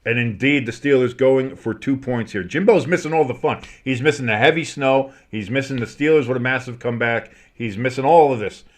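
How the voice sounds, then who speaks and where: Man, fan-stream play-by-play host, casual and crude, erupts on big plays, mid-pitched voice. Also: brisk, few pauses. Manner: excitable, crude jokes, shouts on big plays.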